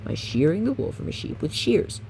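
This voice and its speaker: Casual guidebook reader, animated delivery, frequent stumbles and asides. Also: medium pitch, normal speed, gravelly, a little hiss or hum. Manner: casual, stumbling, self-correcting, chatty asides. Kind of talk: reading a game guidebook aloud.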